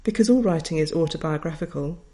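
A woman's voice: low voice, fast talker, dark tone. A middle-aged woman, a writer reading her own memoir aloud in a wry, reflective way. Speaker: author.

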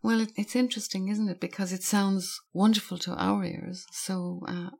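A woman's voice: mid-range voice, fairly even intonation, moderate pace, creaky, darkish tone. A woman talking thoughtfully about a poem in an unscripted conversation, with frequent hesitations. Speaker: poetry guest discussing a poem. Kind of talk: conversational literary discussion.

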